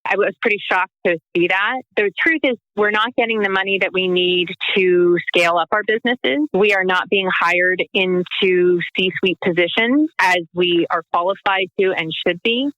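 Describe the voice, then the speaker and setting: A woman's voice: mid-range voice, normal speed, few pauses, no echo, lo-fi sound. A woman, a guest on a podcast, answering questions in an earnest, persuasive way and leaning on statistics. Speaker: guest, founder of a women's business group. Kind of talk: interview answers.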